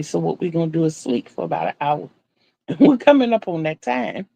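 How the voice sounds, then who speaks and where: A woman's voice: on the low side, big pitch swings, a little fast, creaky, warm tone. An older woman chatting casually on a live stream as she crochets, rambling and repeating herself.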